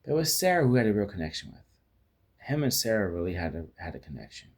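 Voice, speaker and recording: A man's voice: fairly low pitch, very animated, fast. A man giving a casual spoken film review, rambling with frequent restarts and fillers and acting out quoted lines as he retells scenes.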